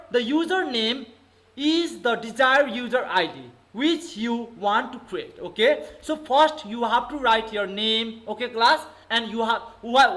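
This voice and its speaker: A male English teacher with a Nepali accent gives an online lesson in a very high, fairly bright voice, on poor audio. He's repetitive, calling on the class over and over with "okay" and "everybody."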